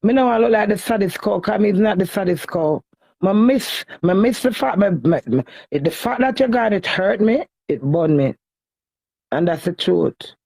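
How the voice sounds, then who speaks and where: A woman's voice: medium pitch, lively intonation, moderate pace, vocal fry, warm tone, dry recording, poor audio. A woman with a Jamaican Patois accent, venting in an emotional social media rant, pleading and repetitive as she swings between cussing and begging.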